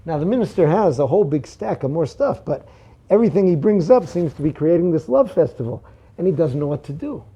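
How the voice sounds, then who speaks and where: A man's voice: on the high side, animated, a little fast, dark tone, slightly rough. A man teaching a Torah class, telling parables and acting out the quotes in them. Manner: storytelling, acts out quotes.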